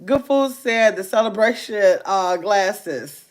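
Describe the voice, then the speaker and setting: A woman hosting a casual livestream, reading viewer comments aloud and chatting quickly and playfully. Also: mid-range voice. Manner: talks fast, says so herself; lively, chatty, laughs easily. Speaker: livestream host.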